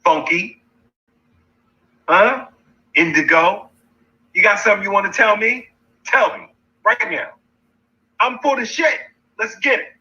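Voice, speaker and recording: This man's voice sits high and sounds bright and forceful; he's unhurried and pauses often. Hosting a livestream, he launches a taunting rant that mocks and challenges his critics, repeating insults. The audio is dull and lo-fi.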